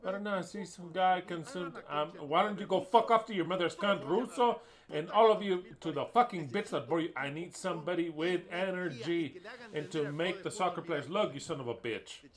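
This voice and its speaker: A man's voice: sits high, normal speed. A man on an angry, profane rant, speaking with heat and scorn. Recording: crowd audible behind.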